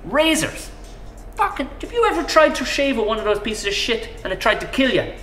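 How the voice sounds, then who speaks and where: Man, profane pub rant, lively swooping voice, bright tone, echoey room, faint music. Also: very high voice, fast. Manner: profane, ranting, conspiratorial. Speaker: pub regular in a comedy sketch. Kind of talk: scripted comic rant.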